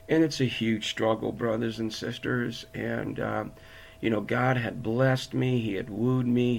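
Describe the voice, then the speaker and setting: A man preaching a sermon and giving his personal testimony, growing passionate as he tells it. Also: vocal fry. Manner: impassioned testimony, builds to high intensity.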